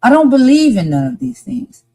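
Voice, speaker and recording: A woman's voice: high-pitched, sing-song, normal speed, warm tone, slightly rough. A woman co-hosting a live podcast discussion, talking passionately and emphatically and repeating her points for force.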